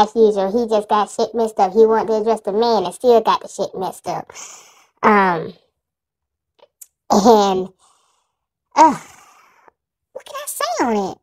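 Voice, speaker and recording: A woman's voice: sits high, low-quality recording. A woman giving blunt, plain-spoken casual commentary on a radio segment. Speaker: commentator reacting to a radio clip.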